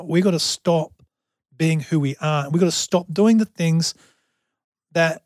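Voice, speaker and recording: A man's voice: fairly high pitch, no room sound, clean studio sound. A man hosting a motivational podcast, talking earnestly and often repeating words as he restarts. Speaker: podcast host.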